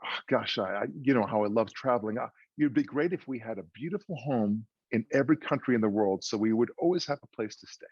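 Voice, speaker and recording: A man's voice: mid-range voice, fast, few pauses, darkish tone, breathy edge, dry recording, lightly acted. A man doing a chatty, eager wife. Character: chatty wife who loves traveling. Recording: dull muffled dry audio.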